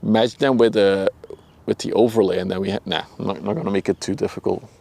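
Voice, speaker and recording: Gravelly, low-voiced Dutch man streaming outdoors. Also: quick pace. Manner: relaxed, chatty, laughs often, talks to chat by name; speaks softly at times to avoid disturbing people nearby. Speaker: livestream host. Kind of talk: casual live-stream chat. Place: outdoors by a river at sunset.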